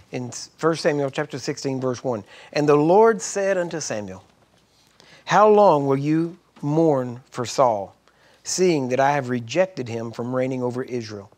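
A man's voice: mid-range voice, darkish tone. A man teaching a sermon, reading Bible verses aloud and breaking in with emphatic asides to his listeners.

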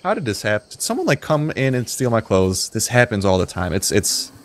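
A man's voice: lowish voice, very animated, a little fast. A man joining a gameplay video as guest, goofy and playfully melodramatic. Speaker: guest player. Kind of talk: casual gameplay banter.

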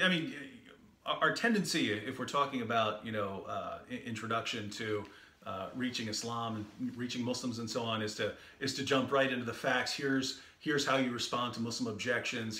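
A man co-hosts a video and tells an anecdote in a relaxed, conversational way. He acts out the quoted back-and-forth with animated emphasis. His voice is bright and mid-pitched, and it carries an echoey room sound. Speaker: co-host of a video series. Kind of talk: casual anecdotal storytelling.

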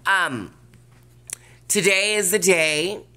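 A woman's voice: fairly low pitch, extremely slow, bright, forceful tone. A woman hosting a casual vlog while lying in bed, talking in a brash, profane, sassy way. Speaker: vlog host.

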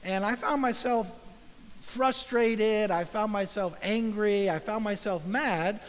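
High-voiced preaching man, reverb. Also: takes it slowly. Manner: earnest, conversational preaching with acted asides. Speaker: pastor. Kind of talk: sermon.

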